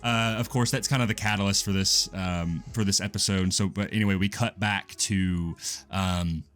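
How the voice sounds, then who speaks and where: A man co-hosting a casual podcast review, rambling quickly with frequent laughs and self-corrections. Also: low-pitched, fairly even intonation, a bit bright. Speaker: podcast co-host. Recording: lo-fi music bed underneath.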